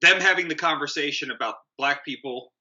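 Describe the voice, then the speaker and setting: A man's voice: on the high side, a little fast, sharp tone, muffled recording. A man in his late thirties co-hosting a casual movie review chat, blunt and profane. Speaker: podcast co-host.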